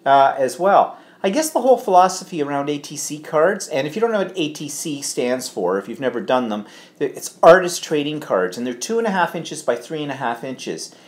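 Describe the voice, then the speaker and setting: A man's voice: on the high side, sing-song, brisk. A middle-aged man co-hosting a casual live stream, rambling as he reads viewer comments and trips over place names. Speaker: livestream co-host.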